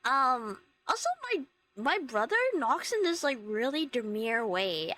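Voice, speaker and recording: Bright, giggly young woman streamer. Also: sits high, sing-song, unhurried, low-quality recording. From Hong Kong. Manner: rambling, giggly storytelling with frequent fillers. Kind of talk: casual chat while gaming. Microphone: headset.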